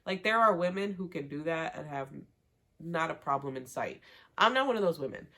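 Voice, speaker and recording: A woman recapping a reality show in a casual, slangy, animated way, swearing freely. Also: deep voice, a little fast. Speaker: TV recap vlogger.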